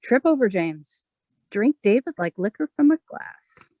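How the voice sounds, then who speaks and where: A woman poet giving a measured, expressive reading of her own poems. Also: fairly high pitch, dry recording, phone-quality sound. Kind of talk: poetry reading.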